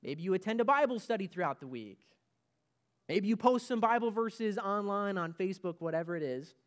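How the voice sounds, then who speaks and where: A man's voice: high voice, animated, a little fast, clear, resonant tone. A man preaching a sermon as pastor of a church, emphatic and repeating his key points.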